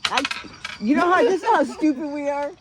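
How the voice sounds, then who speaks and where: A high-voiced woman in her sixties rambling along, cursing casually and breaking into giggles. She is recorded outdoors at night, with noise and chirping crickets behind her. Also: a little fast. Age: 60s. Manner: rambling, swears a lot, giggles often. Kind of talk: casual chat.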